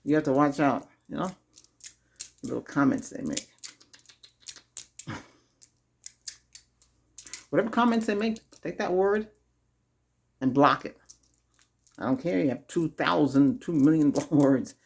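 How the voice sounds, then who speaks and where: A man's voice: a little high, expressive, a little slow, creaky, pauses often, slight background noise. A man hosting a Reiki video, giving casual spoken advice to viewers, chuckling often and repeating himself. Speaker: Reiki ASMR host.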